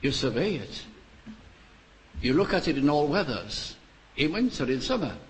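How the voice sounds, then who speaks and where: An older man preaching a sermon, slow and deliberate, building up to emphatic rhetorical questions. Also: a little high, big pitch swings, a little hiss or hum, low-quality recording.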